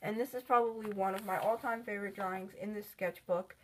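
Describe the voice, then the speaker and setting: A woman's voice: medium pitch, fairly even intonation, a little fast, a bit bright, slight background noise. A woman chatting casually in a vlog about her sketchbook, rambling and filling with "like". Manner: rambling, with many "like" fillers. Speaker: artist showing her sketchbook.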